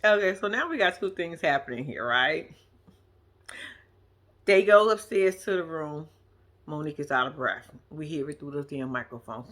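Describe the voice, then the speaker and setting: A woman's voice: low-pitched, moderate pace, long pauses, fairly bright tone. A woman giving casual, profane reaction commentary on a reality show, with laughing asides.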